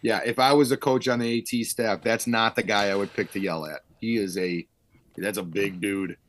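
Low-voiced coach telling stories. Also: male voice, fairly even intonation, normal speed, slight background noise. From Illinois, Chicago suburbs. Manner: storytelling, acts out quotes loudly, laughs often. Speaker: high school football defensive coordinator, podcast guest. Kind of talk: casual podcast chat.

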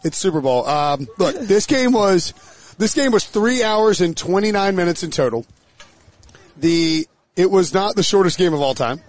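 A man hosting a casual sports podcast outdoors, energetic and joking with quick asides. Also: high voice, dry recording. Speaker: podcast host. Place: outdoors near a stadium set.

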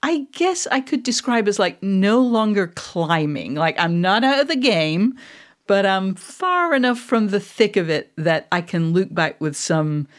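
A woman's voice: medium pitch, big pitch swings, a little slow. A middle-aged woman from Manchester with a mid-Atlantic accent, co-hosting a podcast in casual, reflective chat. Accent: mid-Atlantic English. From England, Manchester. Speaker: podcast co-host.

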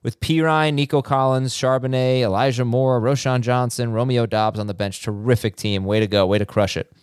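A man hosting a podcast, reading listener questions in a relaxed, teasing way with plenty of fillers. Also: mid-range voice, fairly quick, clean tone, no room sound, clean studio sound. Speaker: podcast host. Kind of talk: casual chat.

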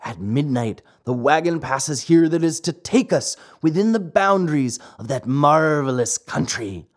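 A boastful, coaxing runaway boy , as a storybook narrator plays him, pushing his point with insistence. His pitch moves in a lively way, up and down. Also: unhurried.

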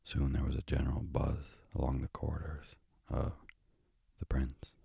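Very deep gravelly man reading a bedtime story. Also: flat delivery, dry recording. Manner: soft, slow and drowsy. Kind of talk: sleep-story narration.

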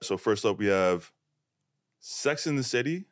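A man's voice: on the low side, expressive, unhurried, no echo, clean studio sound. A man hosting a podcast in a casual, rambling way with lots of fillers. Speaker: podcast host. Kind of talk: casual chat.

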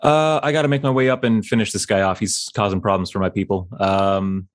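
A man's voice: lowish voice, fairly even intonation, brisk, no echo, clean studio sound. A man playing a tabletop game, speaking in an easygoing way and laughing easily. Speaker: player. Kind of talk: casual game play.

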